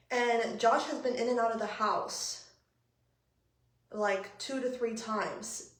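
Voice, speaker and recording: A young woman vlogger telling a story to her live-stream viewers in an animated, profane, breathless way. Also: on the high side, takes it slowly. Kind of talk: casual storytelling. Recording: roomy echo.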